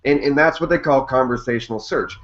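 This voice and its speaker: A man's voice: mid-range voice, brisk, a bit bright. Male host, casual banter, cusses, slightly muffled call audio. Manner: loose, swears freely, laughs often. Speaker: host of an online chat show. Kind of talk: casual group video chat.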